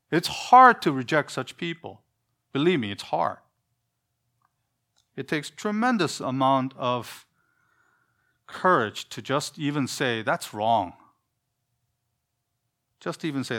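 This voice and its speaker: A man's voice: fairly high pitch, a bit bright. A man preaching a sermon in an earnest, emphatic way, full of rhetorical questions.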